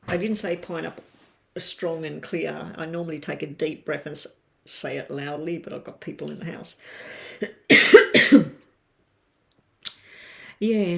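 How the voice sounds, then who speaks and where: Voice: mid-range voice, vocal fry. A tarot reader doing a casual live-stream reading from home, chatting straight to viewers with lots of ums.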